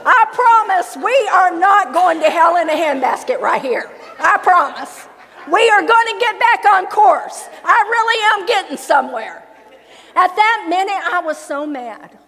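High, unhurried older woman preaching. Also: some chatter behind. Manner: humorous, lively storytelling with laughter. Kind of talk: storytelling sermon. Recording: long hall reverb.

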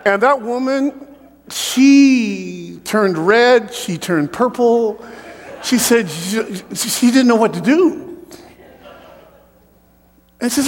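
A man preaching a sermon with personal testimony in an animated way, joking with the congregation. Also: very high voice, slow, pauses often, in a large hall.

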